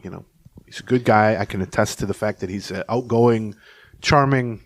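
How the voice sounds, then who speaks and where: A man's voice: fairly low pitch, moderate pace, dry recording. Chatty man telling a clubhouse story. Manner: rambling anecdotal storyteller, chuckles while telling stories. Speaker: podcast co-host and beat reporter. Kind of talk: casual sports podcast chat.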